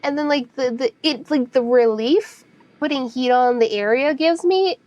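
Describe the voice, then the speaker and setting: A woman's voice: high voice, moderate pace, no room sound, highs cut off. A young woman streaming a game, chatting casually with viewers, full of fillers and easy laughter. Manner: chatty and warm with chat, frequent fillers and laughs. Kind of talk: casual gaming stream chat.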